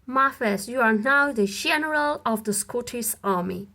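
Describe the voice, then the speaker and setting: A woman's voice: a little high, moderate pace, pushed and bright. A woman voicing a genial, grateful king who speaks in hearty praise.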